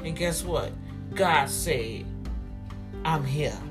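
A preacher delivering a fervent sermon, urging the congregation to respond and repeating phrases in bursts that swing between loud and soft. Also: mid-range voice, drawn-out words, over music. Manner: fervent, repetitive call-and-response, big swings in loudness.

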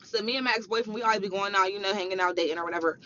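A woman's voice: medium pitch, very fast, a bit bright, slight background noise. A young woman telling a personal story as a heated, profane rant, repeating herself for emphasis. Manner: profane, heated, repetitive ranting. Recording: dull lo-fi recording.

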